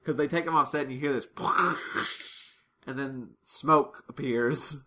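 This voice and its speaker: A woman's voice: very deep voice, slow, a bit bright, breathy edge. A woman co-hosting a podcast, chatting casually and swearing freely as she recaps an episode. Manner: chatty, swears freely, acts out lines in silly voices. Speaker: podcast co-host.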